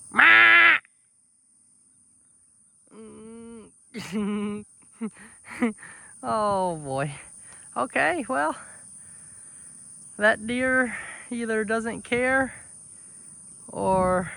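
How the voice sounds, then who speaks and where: A man's voice: high voice, gravelly, fairly bright tone. A man, vlogging outdoors on his farm and cooing affectionately at his animals by a fence. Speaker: homesteader vlogger. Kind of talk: casual vlog talk to camera.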